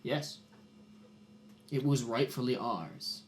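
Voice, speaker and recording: A man voicing a shrewd, calm barbarian chieftain who bargains in a low, measured way. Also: a little hiss or hum, natural voice. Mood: hushed scheming. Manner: low, hushed bargaining, slow and deliberate.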